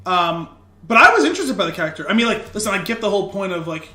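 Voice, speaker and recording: High-voiced man in an echoey room. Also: sing-song, fast, bright, forceful tone. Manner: chatty, self-correcting, enthusiastic. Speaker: podcast co-host. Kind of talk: casual chat.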